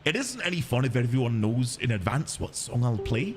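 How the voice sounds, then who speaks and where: A man's voice: mid-range voice, big pitch swings, a little fast, long reverb tail, voice pushed down, lightly acted. A man voicing a tiny, cheerful male forest creature who plays music, with a Scottish accent. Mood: eager. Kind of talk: voicing a game character.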